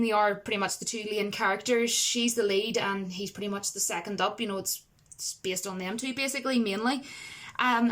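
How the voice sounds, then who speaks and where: A woman's voice: fairly high pitch, fairly bright tone. A woman giving a casual, rambling film review to camera. She talks emphatically and uses a lot of fillers.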